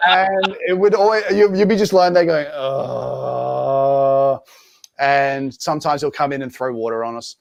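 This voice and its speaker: An Australian man, an actor guest, chatting casually on a podcast, laughing often and telling stories with lively energy. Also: a little high, normal speed, dry recording.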